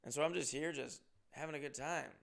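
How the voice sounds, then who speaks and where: A comedian from Massachusetts telling a rambling, profane story in a casual way and acting out what people said. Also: male voice, on the high side, fairly quick, creaky, fairly bright tone. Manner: rambling, profane, acts out quotes. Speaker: comedian and podcast host.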